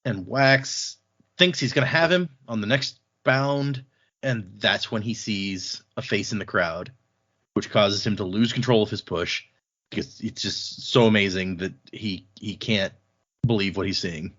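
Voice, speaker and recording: A man's voice: fairly low pitch, measured pace, fairly bright tone. A man hosting a podcast, casually recapping book chapters, laughing often and slipping into voices for quotes. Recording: dull lo-fi sound.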